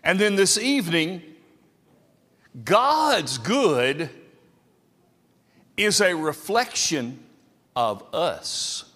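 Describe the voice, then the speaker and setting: Man preaching, high voice, slow pace, big hall echo. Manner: lively, dramatic delivery with acted quotes. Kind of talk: sermon. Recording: long reverb of a hall.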